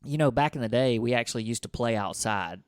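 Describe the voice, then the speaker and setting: A man's voice: medium pitch, quick pace, no room sound, clean studio sound. A man, co-hosting a podcast and telling a childhood story in casual conversation, acting out his own thoughts as he goes. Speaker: podcast co-host.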